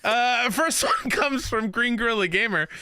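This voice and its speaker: A man's voice: very high-pitched, expressive, moderate pace, pushed and bright, smooth, dry recording, studio quality. A man co-hosting a casual gaming podcast, laughing often and reading listener letters aloud. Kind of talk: casual chat.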